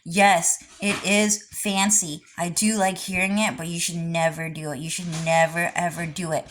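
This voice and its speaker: A woman's voice: fairly low pitch, level tone, normal speed, a bit bright, a little hiss or hum, rough recording. A young adult woman rambling through a personal vlog monologue, lecturing insistently and repeating herself again and again. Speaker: vlogger.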